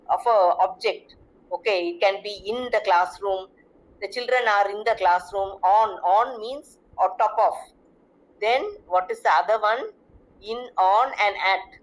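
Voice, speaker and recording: A woman's voice: medium pitch, low-quality recording. A woman teaching English grammar. She reads example sentences aloud, asks questions about them, and often repeats herself or restarts a word. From South India. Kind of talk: recorded grammar lesson.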